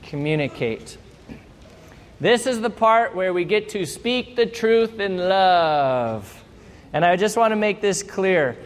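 A man preaching a sermon as a pastor, lively and playful, acting out little exchanges to make his points. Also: high voice, slow pace. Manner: animated, playful, acts out little quoted exchanges. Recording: hall reverb.

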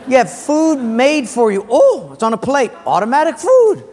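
High-voiced pastor preaching in a hall. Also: male voice, normal speed, a faint crowd. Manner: animated storytelling, acts out characters with loud outbursts. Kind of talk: sermon.

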